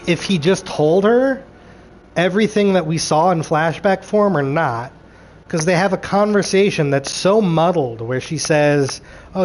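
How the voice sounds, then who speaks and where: Guy ranting a show recap, kinda high voice, sarcastic and sweary, faint background hiss. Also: darkish tone. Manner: exasperated, sarcastic, swears freely. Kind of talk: rambling recap rant.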